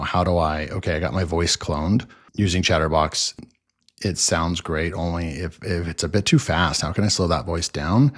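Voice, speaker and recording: A man with a notably low, deep voice talks viewers through a software tutorial. He rambles loosely and is full of fillers and restarts as he clicks through the screens. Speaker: software reviewer. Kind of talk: casual screen-recording tutorial.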